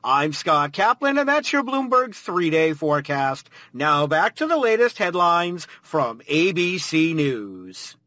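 High, bright male weather forecaster. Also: very animated, slow, hardly any pauses, no room sound.

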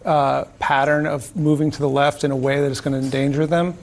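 A man's voice: a little high, level tone, a little fast. A man giving political commentary on a panel, with stammering restarts.

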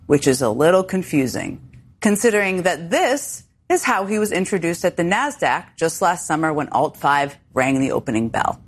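A woman's voice: fairly low pitch, big pitch swings, normal speed, husky. A woman hosting a news show, delivering pointed, wry commentary. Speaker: news host.

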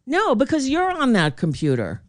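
A woman's voice: high-pitched, huge pitch swings, moderate pace, dry recording, clean studio sound. A woman in her sixties hosting a podcast, chatting casually, laughing often and trailing off mid-sentence. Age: 60s. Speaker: podcast host. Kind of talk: casual chat.

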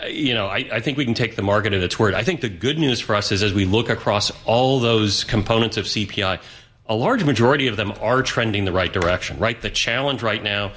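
A man with a slightly low voice sits in a broadcast studio as an investment strategist. He explains markets in a measured, analytical way. He keeps checking in with a quick "right?". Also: fairly bright tone. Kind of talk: live financial news interview.

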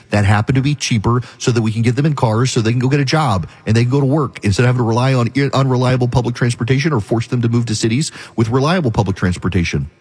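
A man holds forth as a talk radio host, his voice husky and set at an ordinary middle pitch. He argues briskly and addresses his listeners directly in an opinionated monologue. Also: darkish tone.

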